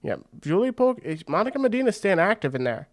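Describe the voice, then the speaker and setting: A man's voice: sits high, fast. A man hosting a fight watch party, giving casual, rambling commentary full of slang. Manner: excitable and rambling, slangy with frequent "bro".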